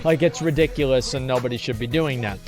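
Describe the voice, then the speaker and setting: A man streaming live, chatting casually and rambling through a profane, animated story while reading donations. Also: mid-range voice, fast. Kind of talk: casual livestream chat. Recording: faint music behind voice.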